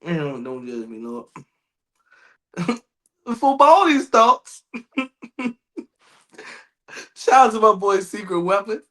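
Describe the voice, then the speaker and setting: A man chats on a podcast with a bright, high voice that jumps around a lot. He laughs often and riffs in loose slang. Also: sing-song, slow pace, long pauses. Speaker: podcast co-host. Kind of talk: casual podcast banter.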